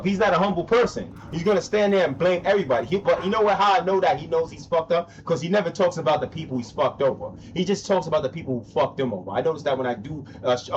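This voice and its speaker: With a fairly high-pitched voice, this live-streaming man rants bluntly as he plays a game. He keeps repeating himself, swears, and says "bro" a lot. The sound is lo-fi with slight background noise.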